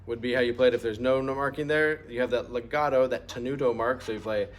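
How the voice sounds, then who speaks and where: A middle-aged music teacher talks fast in a steady, medium-pitched voice as he walks through an instrument lesson. Patient and methodical, he asks the students to say terms back to him.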